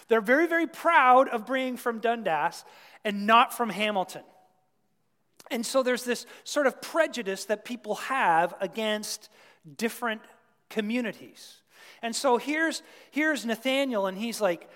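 A man's voice: high voice, lively intonation, unhurried, fairly bright tone. A Canadian-born man preaching a sermon in a chatty, folksy way, asking his listeners questions. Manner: conversational, folksy, asks the crowd questions. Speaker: pastor. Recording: long reverb of a large hall.

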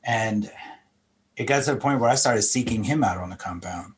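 A man's voice: lowish voice, moderate pace. Reflective middle-aged man telling his story. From Philadelphia, US. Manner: earnest, reflective storytelling, repeats words when gathering thoughts. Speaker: interview guest sharing testimony. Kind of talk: personal testimony.

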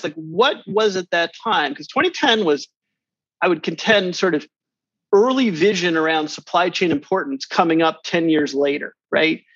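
A man's voice: high voice, no echo. Eager man hosting, dry dull sound. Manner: eager, animated questioning with many restarts. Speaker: podcast host. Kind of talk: conversational interview.

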